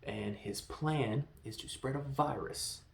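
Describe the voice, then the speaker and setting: A man in his thirties hosting a casual movie review, rambling and animated, slipping into quoted lines as he goes. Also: medium pitch, slow pace, vocal fry, reverberant. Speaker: podcast host reviewing films.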